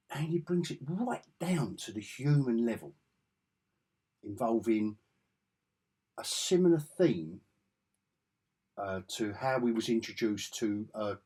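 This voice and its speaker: An English man reviews comic books in a casual vlog, talking in an enthusiastic, rambling way and correcting himself as he goes. His voice is on the low side, with a darkish tone and a breathy edge.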